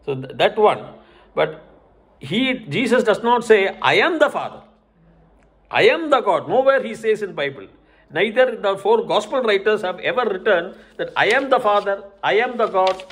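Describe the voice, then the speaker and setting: An older man explains religious texts in an unscripted talk, pausing often with fillers and self-corrections. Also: sits high, expressive, fairly bright tone, slightly rough. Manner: hesitant, many fillers, cites verses. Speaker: religious commentator.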